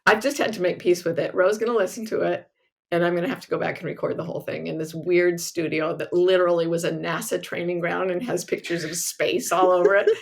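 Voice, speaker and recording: A woman hosting a casual podcast who tells stories in an animated, self-mocking way and laughs often. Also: fairly low pitch, fast talker, gravelly. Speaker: podcast host.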